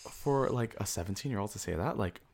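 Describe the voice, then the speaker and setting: A man with a very deep, gravelly voice talks about a film in casual conversation. He is enthusiastic and gushing, and drops frequent short affirmations. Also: lively intonation, quick pace, darkish tone.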